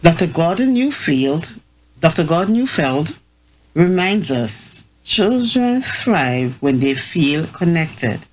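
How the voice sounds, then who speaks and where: Slow, measured low-voiced woman. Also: very animated, slight background noise, rough recording. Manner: slow, measured, with self-corrections. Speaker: host. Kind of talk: reading a prepared talk on parenting.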